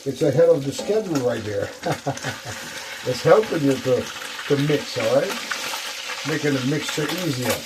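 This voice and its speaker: A man's voice: medium pitch, lively intonation, unhurried, pauses often, noisy background. A man hosting a casual cooking demonstration in his kitchen, chatting to viewers and repeating phrases as he works. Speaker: cooking show host.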